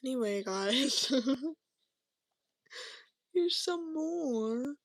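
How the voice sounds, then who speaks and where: Chatty young woman with vocal fry. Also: high-pitched, lively intonation, drawn-out words, no echo. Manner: chatty, self-talking, often drops to a mumble. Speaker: crafting vlogger. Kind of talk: casual chat while crafting.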